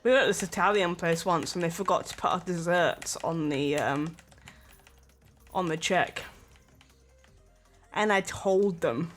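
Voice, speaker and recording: A streamer from England talks in a loose, rambling way, with plenty of filler words and little laughs. The voice sits at a middle pitch. Quiet game music plays faintly underneath. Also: unhurried, pauses often. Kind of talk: casual stream chat.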